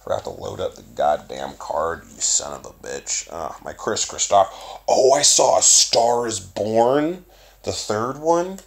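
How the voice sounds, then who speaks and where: A young adult man with a Southern US accent, hosting his own podcast in a casual, profane, rambling monologue with bursts of loud emphasis. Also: on the low side, sing-song, a little slow, gravelly, breathy edge. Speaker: podcast host.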